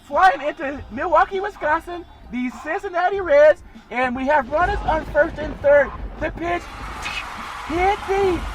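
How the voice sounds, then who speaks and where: A man putting on a shrieking falsetto pop-star impression to call a home run, with breathy squeals and giggles. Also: a little slow, fairly bright tone, low-quality recording. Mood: excited.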